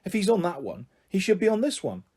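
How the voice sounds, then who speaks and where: A man's voice: high-pitched, wildly swooping pitch, fast talker, mellow, breathy edge, pitched above the performer's own voice, exaggerated voice. A man reading a blunt no-nonsense girl. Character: no-nonsense practical young girl.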